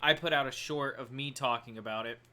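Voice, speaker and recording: A man's voice: medium pitch, fairly quick, bright, forceful tone. A man co-hosting a sports podcast, talking casually in a playful, teasing way and laughing often. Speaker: podcast co-host. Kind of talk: casual chat.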